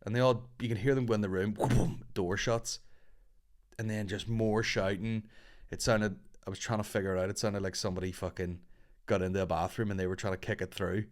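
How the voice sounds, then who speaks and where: A man with a low, deep voice tells a rambling story on his podcast. He swears freely and pokes fun at himself. His delivery is casual and conversational. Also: fairly even intonation, brisk. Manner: profane, rambling, self-mocking. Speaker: podcast host.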